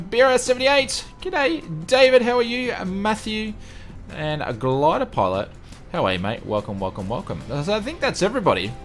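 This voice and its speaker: A man's voice: fairly high pitch, a bit bright. A man hosting a casual livestream, chatting and greeting viewers one by one. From Australia. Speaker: livestream host.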